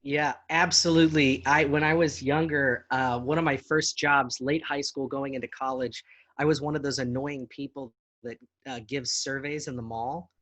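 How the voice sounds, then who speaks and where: A man in his forties, an actor talking as a guest in a casual interview, animated and laughing easily. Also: medium pitch, moderate pace, no room sound. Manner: animated, laughs easily, slips into accents for jokes. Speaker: actor and podcast producer, guest.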